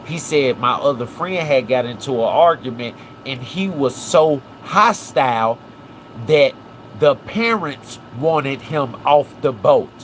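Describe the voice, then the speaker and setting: Speaking slowly in a mid-range voice, this Memphis livestream host animatedly walks through a case in a casual stream. He repeatedly checks in with "right?" and "watch this," with a little hiss or hum in the audio.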